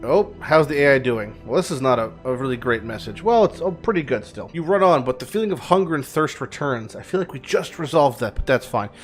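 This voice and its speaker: Male game streamer, mid-pitched, jokey, reads story text aloud. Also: expressive, fairly quick, few pauses, faint music behind. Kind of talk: casual gameplay commentary.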